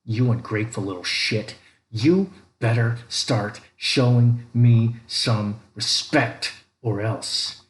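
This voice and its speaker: A man's voice: fairly low pitch, normal speed, close to an everyday voice. A man voicing a cruel, abusive father who speaks in a cold, threatening way. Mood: menacing. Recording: echoey room with faint background noise.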